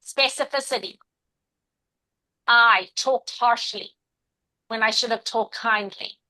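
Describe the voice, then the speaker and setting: A woman's voice: fairly high pitch, slow, pushed and bright, rough recording. A woman in her forties teaching an interactive class, upbeat and encouraging, calling on participants by name.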